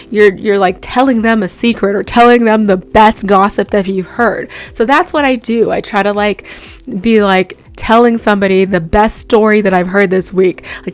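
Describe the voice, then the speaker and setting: Chatty woman giving voice tips. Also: medium pitch. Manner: chatty and animated, many likes and you-knows. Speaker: voice-over and radio host giving tips. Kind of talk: casual tips vlog.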